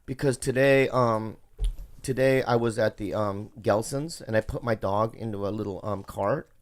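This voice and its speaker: A man's voice: fairly low pitch, moderate pace. A man hosting a casual podcast, telling profane, rambling stories. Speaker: podcast host.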